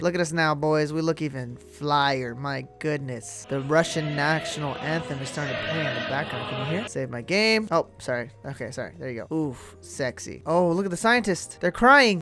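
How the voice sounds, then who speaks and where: A young man giving casual, excitable gameplay commentary with slang and trash talk. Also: fairly high pitch. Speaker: gaming YouTuber.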